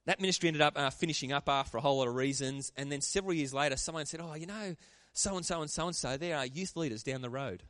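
A man preaching a sermon, animated and calling out to the congregation for responses. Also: a little high, fast talker, few pauses, no echo, clean studio sound. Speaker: pastor.

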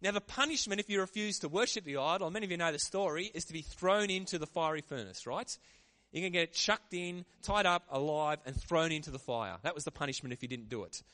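A man preaching a sermon in a lively, conversational way. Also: a little high, fast, hardly any pauses. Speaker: pastor.

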